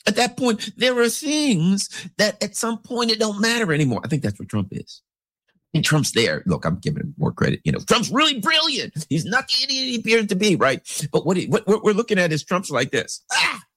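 A man's voice: high voice, wildly swooping pitch, a little fast, fairly bright tone, dry recording, studio quality. A man delivering a rambling, sarcastic political commentary monologue as host.

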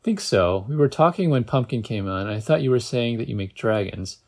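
A man reading aloud and voicing a young woman passenger who sounds dry and quietly worried. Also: mid-range voice, expressive, brisk. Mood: concerned.

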